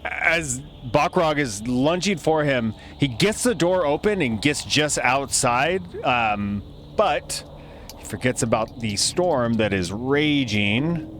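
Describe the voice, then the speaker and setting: A man's voice: mid-range voice, expressive, takes it slowly, fairly bright tone, a little hiss or hum. A man running a tabletop game as game master, narrating in a loose, chatty way with plenty of fillers.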